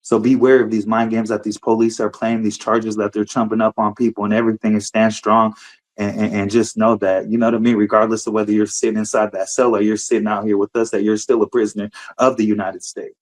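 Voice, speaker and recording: A man's voice: fairly low pitch, level tone, quick pace. A man, an activist, giving personal testimony at a public forum, rambling and repeating words as he tells his story. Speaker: community activist speaking at a forum.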